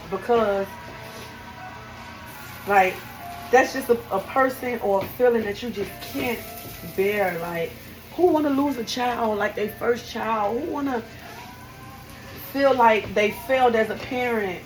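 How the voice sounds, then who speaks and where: A young woman tells a personal story to the camera in a raw, heartfelt voice that sits a little high. Her grief breaks through her voice. Soft music plays faintly behind her. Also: a little slow, rough recording. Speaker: hairstylist.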